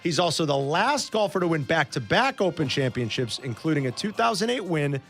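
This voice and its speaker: A man hosting a sports radio trivia segment, playful and teasing in quick banter. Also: fairly high pitch, big pitch swings, a bit bright, faint music behind.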